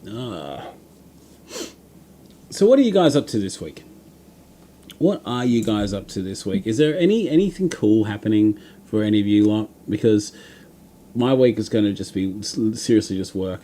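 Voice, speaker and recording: A man's voice: on the low side, very animated, normal speed, long pauses, dark tone. An Australian man hosting a livestream, chatting casually and reading out viewer comments, rambling with lots of fillers and restarts. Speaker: livestream host.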